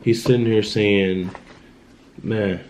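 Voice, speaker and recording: A man's voice: on the low side, fairly even intonation, slow pace, darkish tone, slight background noise, low-quality recording. A young man telling a personal story on his vlog in a loose, casual monologue that circles back on itself. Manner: loose, repetitive, keeps asking "you know what I'm saying".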